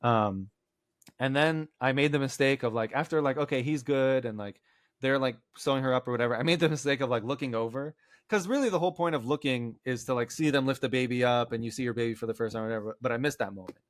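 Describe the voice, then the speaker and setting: A man recounts a story to his friends in a loose, rambling way, full of "like"s, and slips into the voices of people he quotes. His pitch sits mid-range. The sound is dry and close, with no room around it. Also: fast, no echo. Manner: rambling, acts out quotes, many "like" fillers. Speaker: podcast co-host. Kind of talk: casual storytelling among friends.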